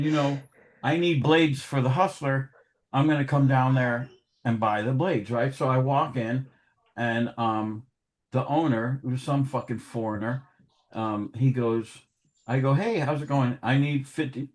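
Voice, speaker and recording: A middle-aged man telling stories bluntly and with a lot of swearing, in casual chat. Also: medium pitch. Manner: blunt, profane storytelling.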